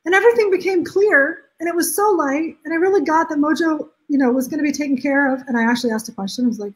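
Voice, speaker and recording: High-voiced upbeat woman coaching live. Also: fast talker, hardly any pauses, rough recording. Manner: upbeat and emphatic, acts out quotes. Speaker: life coach. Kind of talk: live stream coaching pitch.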